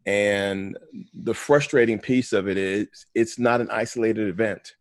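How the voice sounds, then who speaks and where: A pastor in an earnest conversation. He has a low voice recorded dry and close, and he speaks in a measured way, pressing hard on his points. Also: no room sound. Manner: measured, emphatic, repeats words.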